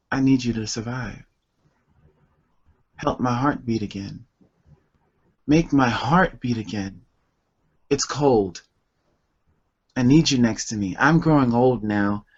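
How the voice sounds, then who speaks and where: A man reads poetry at an unhurried, measured pace, lingering over each line with deep feeling. The sound is dull and lo-fi, like an older internet radio show. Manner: slow, deliberate, emotional delivery. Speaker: poet and author guest. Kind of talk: slow poetry reading and chat.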